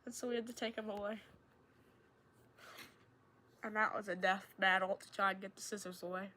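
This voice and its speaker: A young woman streamer rambling through a story while she plays a game, full of "like" fillers and sudden excited jumps in tone. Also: moderate pace. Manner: animated, jumps into high excited tones. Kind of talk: casual storytelling while gaming.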